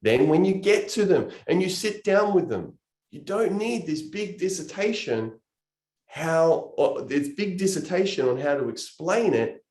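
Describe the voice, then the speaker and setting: A man's voice: on the high side, animated, measured pace, darkish tone, echoey room. A man giving an earnest, emotional motivational talk on sales and recruiting, gesturing with his hands as he explains. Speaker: network marketing trainer.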